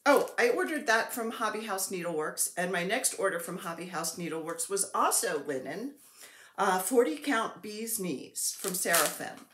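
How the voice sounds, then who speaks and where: A woman chatting casually as a cross-stitch vlogger, excitable and playful as she gushes over her purchases. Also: mid-range voice, moderate pace, slight background noise. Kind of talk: casual show-and-tell chat. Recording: roomy echo.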